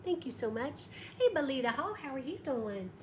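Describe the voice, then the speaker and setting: A craft livestream host runs a live tutorial from her craft shop, high-voiced, very animated, and chatty at a moderate pace with a darkish tone. Bubbly, she greets viewers by name and counts aloud, in an echoey room with background noise.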